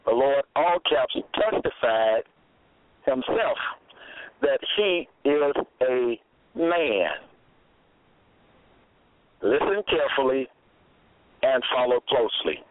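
A man hosting a radio Bible program, lecturing in a slow, deliberate way and repeating his key phrases for emphasis. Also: mid-range voice, lively intonation, dry recording. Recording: tinny phone-like dry audio.

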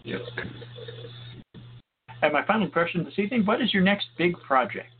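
A man's voice: high voice, lively intonation, normal speed. A man hosting an interview who asks short, upbeat questions. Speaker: host. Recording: phone line with faint background noise.

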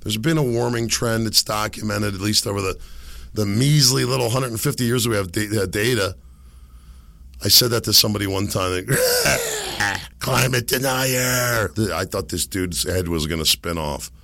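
A middle-aged man hosting a casual solo podcast from a home setup, rambling and laughing at his own jokes, his voice hoarse from being sick. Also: fairly low pitch, fairly quick, sharp tone, no echo. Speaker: podcast host. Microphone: desk microphone.

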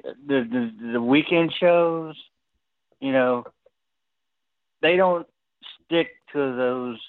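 A man from Louisiana calls in to a talk radio show, speaking at a mid pitch. He rambles, repeats himself and trails off mid-thought. His voice comes through a dry, tinny phone line. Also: no room sound. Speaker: caller. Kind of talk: casual talk radio call.

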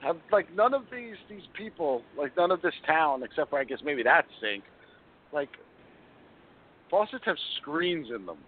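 High-voiced emphatic man on a phone-like line. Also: animated, moderate pace. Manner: emphatic, profane, repeats points for effect. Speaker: podcast co-host. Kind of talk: casual movie review chat. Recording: tinny phone-like line, faint hiss.

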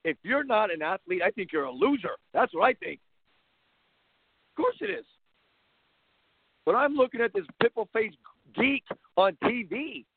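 A man's voice: sits high, sing-song, moderate pace, pauses often, no room sound. A man hosting a sports talk show, delivering a blunt, mocking, opinionated monologue. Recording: tinny phone-line sound.

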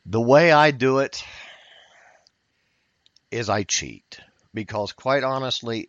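Man, lower voice, unhurried workshop leader, dull dry lo-fi recording. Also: a bit bright, no room sound. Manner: patient, explanatory, with fillers and repetitions. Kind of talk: workshop lecture.

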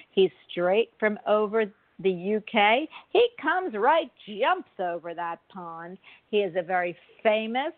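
A woman hosts a chatty show, gushing over her guest with theatrical enthusiasm. Her voice sits in a middle pitch. The audio is thin and tinny, like a phone line. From United States. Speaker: show host. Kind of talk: casual talk show chat.

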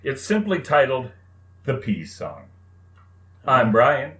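An older man co-hosting a casual podcast, cracking dry jokes in an unhurried way. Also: mid-range voice, wildly swooping pitch, pushed and bright. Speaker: podcast co-host and singer. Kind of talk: casual chat. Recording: roomy, off-mic, guitar behind.

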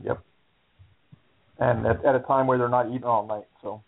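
Gravelly man calling in on a phone line. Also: mid-range voice, flat delivery. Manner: thinking aloud, halting with many restarts. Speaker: caller. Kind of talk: casual radio chat.

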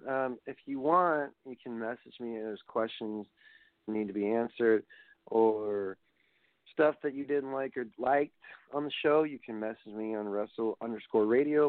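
A man hosting a wrestling review show, talking off the cuff and wandering between points as he reads through results. His voice sits at a middling pitch. It comes through thin and phone-like, with a dry, close sound. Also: normal speed, no echo. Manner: rambling, reads results aloud and digresses. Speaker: wrestling podcast host. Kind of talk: casual solo show review.

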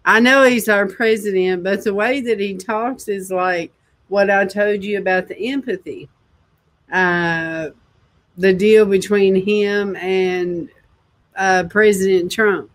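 A woman hosts an online commentary show, reacting casually to the clips she plays. She talks slowly into her camera, with chuckling, mocking asides. Her voice sits at a middle pitch. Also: fairly even intonation. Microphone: speaking to a video camera.

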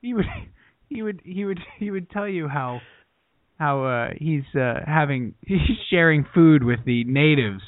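A man co-hosting a comedy podcast who laughs and riffs through casual banter. His voice is slightly high and jumps around a lot. The sound is dry and narrow, like a phone line. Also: expressive, unhurried, no room sound. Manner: giggly, riffing. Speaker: podcast co-host.

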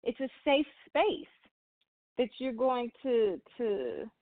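This spiritual reader and host has a higher voice and is very animated yet slow-paced. Speaking earnestly, she frequently repeats and restarts her phrases, captured in a dry, tinny, phone-like recording.

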